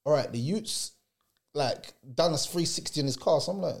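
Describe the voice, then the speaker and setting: Young guy telling stories, pitch jumps all over, very expressive. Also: fast talker. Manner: expressive, acts out voices in stories. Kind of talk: storytelling in casual chat.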